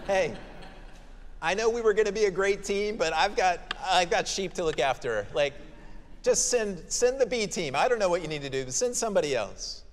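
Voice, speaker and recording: A man's voice: sits high, animated, normal speed, slight background noise. A man voicing a reluctant male shepherd who pleads casually to be excused, in a hall with long reverb. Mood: pleading. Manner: casual, pleading, joking paraphrase.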